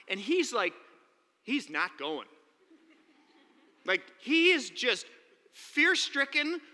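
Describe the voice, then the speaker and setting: Brief: male preacher, high, lively delivery, sermon with animated storytelling, reverberant hall. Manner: animated storytelling, acting out quotes.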